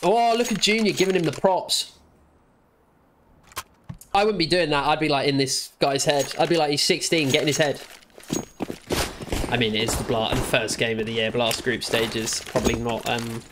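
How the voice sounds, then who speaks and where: A man's voice: mid-range voice, moderate pace, fairly bright tone, a little hiss or hum. A man giving casual, blunt, joking commentary as he reviews a match recording, with a case of the hiccups. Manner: chatty, blunt and joking, with frequent fillers. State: has the hiccups. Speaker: esports analyst reviewing a match demo. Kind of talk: casual commentary over gameplay footage.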